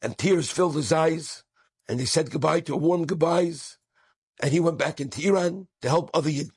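A man's voice: on the high side, creaky, a little mellow, husky, no echo. A man, a rabbi, telling an inspirational story with Yiddish and Hebrew words mixed into his English.

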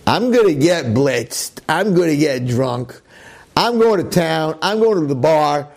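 A man's voice: on the high side, lively intonation, a little slow. A man voicing a humble, earnest farmhand who speaks simply and sincerely. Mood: distraught. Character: humble farmhand, later distraught.

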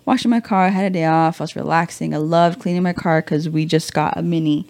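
A woman's voice: low voice, quick pace, no room sound. A young woman, a podcast guest, telling a story in casual chat, acting out quotes with swearing and slang. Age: young adult. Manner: animated, acts out quotes, swears freely, slangy.

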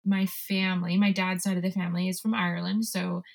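Young female co-host with a husky, fry-tinged voice; rambling, giggly banter. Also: fairly low pitch, little pitch movement, a little fast. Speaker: podcast co-host. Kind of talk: casual chat.

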